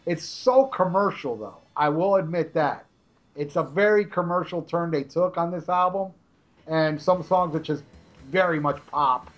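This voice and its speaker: A man's voice: a little high, measured pace, lo-fi sound, faint music behind. Rambling, joking male podcast host. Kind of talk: casual music review chat.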